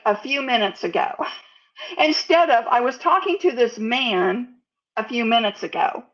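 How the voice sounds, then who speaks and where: An American woman giving a sales speaking lesson, over-enunciating example words in a deliberate, teaching manner. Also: sits high, a bit bright, dull audio. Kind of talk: instructional talk to camera.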